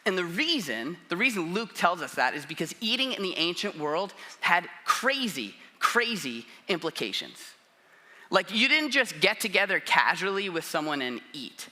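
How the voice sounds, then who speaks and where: A man's voice: high voice, very animated, normal speed, pushed and bright. A man preaching a sermon in a casual, conversational way, often acting out quotes. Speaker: pastor.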